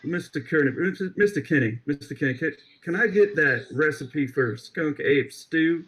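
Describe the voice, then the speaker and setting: A fussy, overly polite Southern dandy gentleman, put on by a man, stammering through a courteous request. The voice is somewhat high and husky. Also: moderate pace. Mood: mock-polite.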